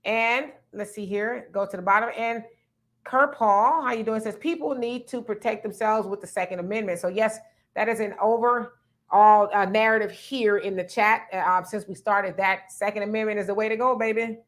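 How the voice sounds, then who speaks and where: A woman's voice: medium pitch, moderate pace. A woman hosts a live stream, calling out viewers and reading their comments before giving her own take. She talks in an easy, conversational way, in a voice that sits in the middle of the female range. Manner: reads viewer comments aloud and responds conversationally. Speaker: livestream host reading chat. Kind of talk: casual livestream chat.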